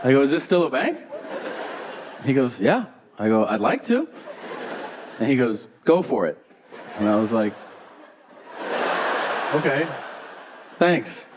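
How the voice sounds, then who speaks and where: A man doing a stand-up comedy set on stage, telling stories in a deadpan way and acting out both sides of the dialogue. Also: mid-range voice, takes it slowly, long pauses. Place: theater stage before a live audience. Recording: live show with crowd noise. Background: audience laughter.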